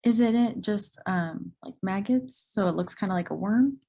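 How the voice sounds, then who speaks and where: A woman's voice: medium pitch, moderate pace, vocal fry, mellow, husky. A young woman, a dermatology resident, answering quiz questions tentatively, with many likes and ums.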